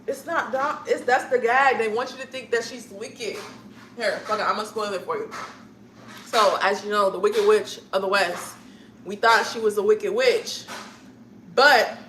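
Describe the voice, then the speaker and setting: A woman's voice: mid-range voice, fairly bright tone, reverberant, slight background noise, poor audio. A young woman chatting casually with her live viewers, rambling from one thought to the next and laughing often.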